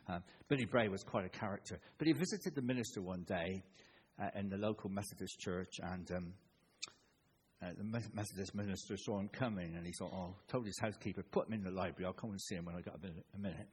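An older man with a fairly low voice delivers a sermon, chatting with his listeners and then pressing his points with sudden emphasis. A faint hiss of noise sits under the recording. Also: darkish tone. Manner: conversational, rising to emphatic bursts. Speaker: preacher.

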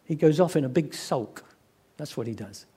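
A man's voice: on the high side, moderate pace, slightly rough. A man preaching a sermon, telling stories and acting out the quoted voices. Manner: animated storyteller who acts out quoted voices. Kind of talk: sermon with storytelling.

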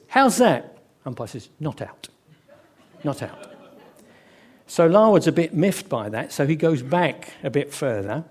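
Animated preacher, man. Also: a little high, husky. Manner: animated storyteller who acts out quoted voices. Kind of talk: sermon with storytelling.

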